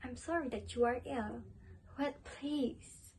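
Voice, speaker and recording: A woman's voice: high voice, slow pace, a little mellow, a little hiss or hum, rough recording. A woman playing an impatient, lovestruck Juliet in an amateur school play. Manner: impatient, pleading. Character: eager, lovestruck young Juliet.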